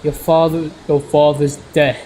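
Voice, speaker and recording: A man's voice: a little high, little pitch movement, measured pace, mellow, slight background noise, lightly acted, low-quality recording. A man voicing an uneasy, apologetic man from the past in a visual novel, using a put-on accent.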